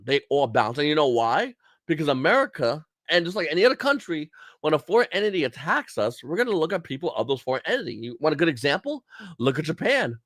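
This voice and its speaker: A man's voice: on the high side, a bit bright, no room sound. A man from Brooklyn, a podcast guest in a casual chat who talks bluntly and profanely and laughs between his points. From Brooklyn, New York.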